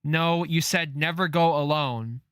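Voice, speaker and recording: A man reading the lines of an upset young boy who pleads not to be left behind, in a slow, plaintive delivery. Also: a little high, a bit bright, clear, resonant tone, no echo, studio quality. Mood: pleading.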